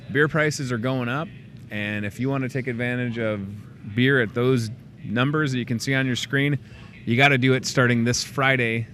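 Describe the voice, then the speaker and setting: A man's voice: medium pitch, a little hiss or hum. Man, local show host, chatty and joking, faint room ambience in background. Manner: chatty, joking asides, lively promo delivery. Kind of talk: casual local promo chat.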